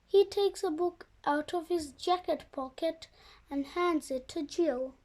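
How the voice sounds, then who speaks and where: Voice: very high voice, slow, darkish tone. A young reader reading a children's chapter book aloud with careful expression. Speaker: storybook reader.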